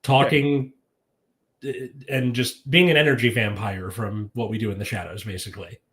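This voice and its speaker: A man's voice: lowish voice, steady tone, normal speed, fairly bright tone. A man chatting casually on a podcast, rambling with self-deprecating humor. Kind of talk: casual chat.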